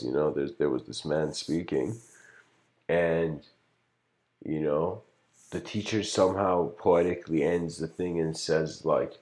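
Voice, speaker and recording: A man's voice: very deep voice, darkish tone. A man giving a casual livestreamed lecture, rambling and reflective, full of "you know" fillers. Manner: reflective, philosophical musing.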